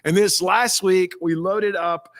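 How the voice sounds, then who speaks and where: Folksy pastor, higher voice, dry sound. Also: male voice, takes it slowly, no room sound. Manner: animated, acts out quoted people with a raised voice; folksy, rambling with restarts. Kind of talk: casual storytelling talk.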